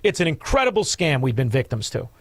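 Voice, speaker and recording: A man's voice: medium pitch, very animated, quick pace, breathy edge, dry recording. A man hosting a talk radio show, taking calls and mocking his targets with insults. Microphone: studio microphone.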